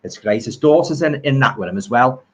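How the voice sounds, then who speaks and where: A middle-aged Liverpudlian horror film streamer chats from home on a live stream, eagerly rambling about old films, reading viewer comments and using homely expressions. His mid-range voice is husky and brisk, with lively intonation.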